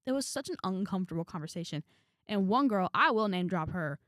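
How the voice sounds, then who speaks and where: A woman's voice: mid-range voice, expressive, fairly quick, fairly bright tone, no room sound, clean studio sound. A young woman vlogger telling a story in a frank, chatty way, with sighs and trailing asides. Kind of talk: casual storytelling to camera.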